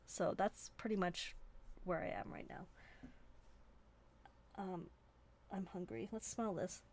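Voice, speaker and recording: A woman's voice: mid-range voice, fairly even intonation, a little slow, pauses often. A woman from Canada hosting a live stream, chatting in a rambling, playful, self-mocking way from a desk indoors. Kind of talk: casual live-stream chat.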